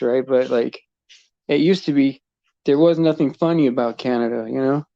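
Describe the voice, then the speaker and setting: An American livestream host rambles through casual chat, chuckling often, with lots of fillers and restarts. His voice is a little high, creaky and mellow, and the dry recording sounds dull and lo-fi.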